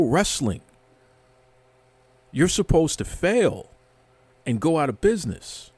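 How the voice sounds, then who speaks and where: A man's voice: fairly high pitch, sing-song, slow pace, pauses often, a little mellow, breathy edge, dry recording. A man hosting a wrestling show, ranting with mock outrage and heavy sarcasm, often repeating words as he builds up. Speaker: wrestling commentary host. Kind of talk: sarcastic rant to camera.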